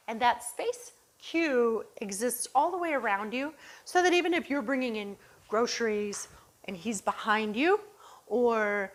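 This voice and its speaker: A woman dog trainer showing training cues and explaining them, calm and encouraging, with bursts of excited calling to the dog and soft low praise.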